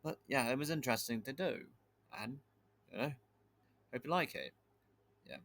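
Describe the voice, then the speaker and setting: A man giving a casual spoken explainer over a screen recording, thinking aloud in a loose, hesitant way with pauses and restarts. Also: mid-range voice, lively intonation, creaky, fairly bright tone. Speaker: video creator explaining accents. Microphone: computer mic with screen capture.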